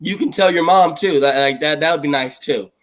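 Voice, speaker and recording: A man's voice: on the high side, a little fast, a bit bright. A man hosting a podcast in casual chat, laid-back and hesitant with fillers. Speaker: podcast host.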